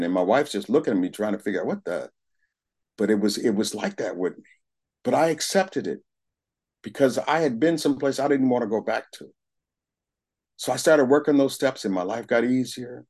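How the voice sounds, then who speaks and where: A man's voice: fairly low pitch, darkish tone, breathy edge. A middle-aged man giving a candid, plain-spoken personal testimony at a recovery meeting, with casual swearing. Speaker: speaker sharing his recovery story.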